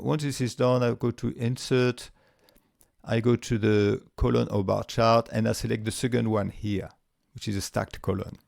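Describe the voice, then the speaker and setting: A man with a voice walking through a spreadsheet tutorial step by step, relaxed, with frequent fillers and restarts. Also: fairly low pitch, creaky, no room sound, studio quality. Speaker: tutorial presenter. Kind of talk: screen-recorded software tutorial.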